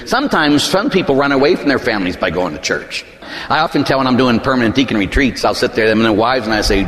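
Animated preacher in a reverberant church. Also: male voice, a little fast. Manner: animated preacher acting out voices in anecdotes, drops to low intense tones for emphasis. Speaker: pastor. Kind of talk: sermon.

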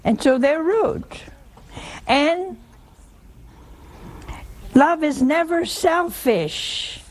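A woman's voice: high-pitched, lively intonation, drawn-out words. A woman preaching a conversational homily, asking her listeners rhetorical questions and acting out the voices in her stories. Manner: acts out quoted voices in a story. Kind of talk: homily on love with anecdotes.

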